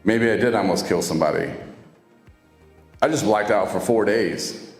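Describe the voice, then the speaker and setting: A man's voice: fairly low pitch, normal speed. A man casually telling his own recovery story, speaking conversationally and acting out what other people said to him. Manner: casual, conversational, acts out quoted dialogue. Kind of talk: personal storytelling to camera. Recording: echoey room with long reverb and faint music.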